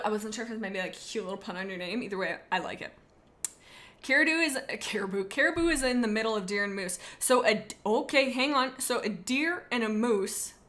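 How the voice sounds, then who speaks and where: A woman's voice: a little high, a bit bright. A young woman streaming live, chatting and rambling in a bubbly way as she reacts to her chat.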